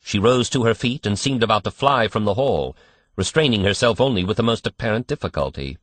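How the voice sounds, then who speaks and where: This is scripted audiobook narration by a man with a lowish voice, delivered in a measured, expressive storytelling style. There's no room sound on the recording.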